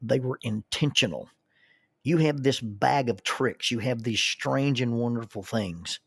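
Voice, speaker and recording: A man's voice: medium pitch, measured pace, creaky, fairly bright tone, slightly rough, no echo. Folksy man telling a story, dry sound. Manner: folksy, repeats words when starting a thought. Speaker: counselor and minister telling stories. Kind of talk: storytelling monologue.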